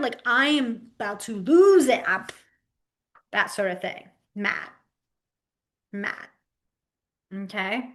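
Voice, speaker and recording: Female teacher, lively and giggly, acts out examples, slightly high voice, webcam call. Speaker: sign language teacher. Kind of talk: online class instruction. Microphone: webcam mic on a video call.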